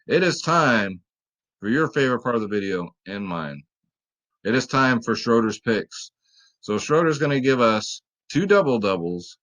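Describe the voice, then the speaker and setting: A man with a slightly low voice giving fantasy sports lineup advice in a loose, chatty way. He swears casually and keeps talking straight to his viewers. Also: a bit bright, low-quality recording. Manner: loose, profane, chatty, talks to viewers as "guys". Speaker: fantasy sports picks host.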